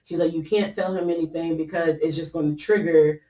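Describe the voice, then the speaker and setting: Deep, dark, and steady, this woman's voice moves briskly as she hosts a podcast and rambles through a personal story. Fillers and restarts crop up as she quotes others, and the far-off mic adds a roomy echo.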